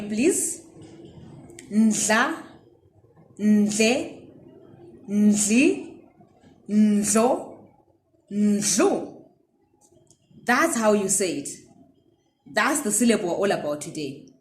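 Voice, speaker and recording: Slow, lively-voiced woman teaching. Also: medium pitch, roomy sound. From Zimbabwe. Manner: drawn-out repetitions of sounds, friendly and encouraging. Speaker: language teacher. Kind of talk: slow, clear pronunciation lesson.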